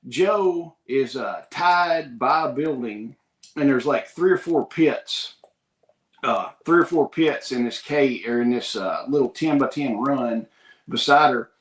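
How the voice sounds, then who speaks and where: In a roomy-sounding recording, a man with a Kentucky accent hosts his podcast, speaking slowly in a mid-range voice. He rambles through a folksy story in casual talk and acts out what the other people said.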